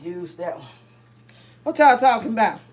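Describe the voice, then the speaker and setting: Woman livestream host, high-pitched, talkative and laughing, cooking as she chats with viewers. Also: expressive, normal speed, noisy background. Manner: chatty, laughs often, reads out viewer comments. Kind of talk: casual livestream chat while cooking.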